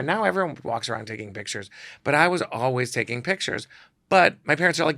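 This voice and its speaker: A man, a photographer guest on a podcast, telling stories in a casual, animated way and acting out quotes in shifting voices. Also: mid-range voice, fast talker, gravelly, dry recording, clean studio sound. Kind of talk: casual storytelling.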